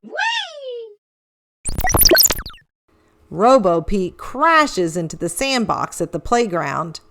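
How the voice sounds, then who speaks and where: Animated woman reading a storybook. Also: fairly low pitch, unhurried, loud music behind the voice. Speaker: children's book reader. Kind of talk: storybook read-aloud.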